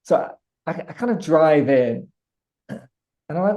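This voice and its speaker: A man with a British accent, a guest artist telling a vivid, animated story with frequent restarts. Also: a little high, normal speed. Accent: British English. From Britain. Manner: vivid, building anecdote with many restarts.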